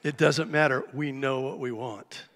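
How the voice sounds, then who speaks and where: A man preaching a sermon to a church congregation, telling a story with lively, animated delivery. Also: mid-range voice, moderate pace. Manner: animated storytelling, acts out shouted cries. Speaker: pastor. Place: church sanctuary. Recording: live church hall reverb.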